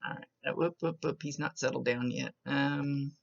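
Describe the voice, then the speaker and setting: A woman psychic medium talks a client through a reading and relays images as they come to her, with many small restarts. Her voice has a gravelly edge. The recording is dull and lo-fi. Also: a bass voice, fairly even intonation, normal speed. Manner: chatty, describing visions as they come with restarts.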